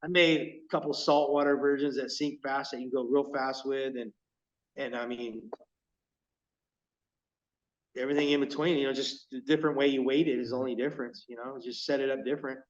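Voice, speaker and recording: Man, lure maker, animated storyteller, slightly distant mic, muffled sound. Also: mid-range voice, fairly quick. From California. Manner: animated, acts out quoted exchanges. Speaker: lure maker, podcast guest. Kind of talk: casual storytelling chat.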